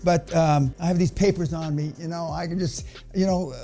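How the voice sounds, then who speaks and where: A man's voice: a little high, fairly even intonation, moderate pace, dark tone, soft background music. A man lecturing a business seminar room in a blunt, crude, rambling way.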